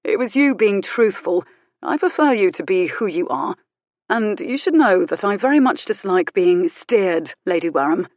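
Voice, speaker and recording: A woman voicing a calm, dry-witted male country vicar who speaks mildly but bluntly. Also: mid-range voice, moderate pace, no room sound, natural voice. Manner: mild, blunt, quietly commanding.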